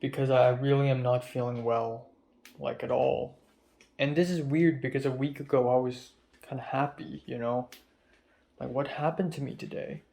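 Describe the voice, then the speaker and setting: A tired young man rambling and swearing in a soft-spoken confessional vlog about his stress. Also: mid-range voice, steady tone, moderate pace, creaky. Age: young adult. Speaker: vlogger. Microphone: phone camera.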